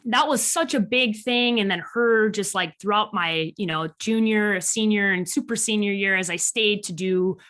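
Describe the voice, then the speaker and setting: A woman in her thirties from Chicago with a slight Chicago accent, a guest telling stories in a casual interview with animated delivery. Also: medium pitch, moderate pace, few pauses. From Chicago, USA. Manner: animated, quotes people in lively voices. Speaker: podcast guest.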